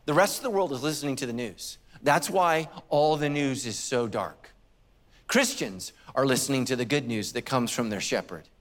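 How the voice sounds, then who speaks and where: A man's voice: medium pitch, moderate pace. A middle-aged man preaching a sermon as pastor, telling stories with humor and acted quotes.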